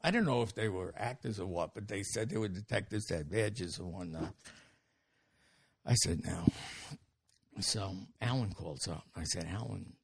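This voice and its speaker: Gravelly older man telling stories. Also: low voice, moderate pace, no echo. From Brooklyn, New York. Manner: animated anecdote-telling, frequent restarts. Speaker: comedian guest. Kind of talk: podcast storytelling.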